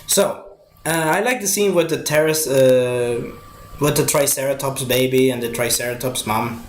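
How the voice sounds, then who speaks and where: A man's voice: mid-range voice, a little slow. A man casually reviewing a movie, rambling with many fillers and restarts. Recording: echoey room with faint noise.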